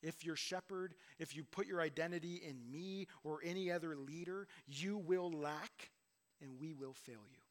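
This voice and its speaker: High-voiced man preaching a conversational sermon. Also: normal speed. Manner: conversational preaching with self-deprecating asides and emphatic repetition. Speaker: pastor.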